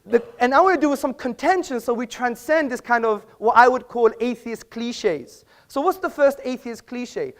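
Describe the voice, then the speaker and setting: A man's voice: extremely high pitch, expressive, moderate pace, few pauses, fairly bright tone. A man speaking as a debater in a live public debate, making emphatic, rhetorical points to an audience in an auditorium.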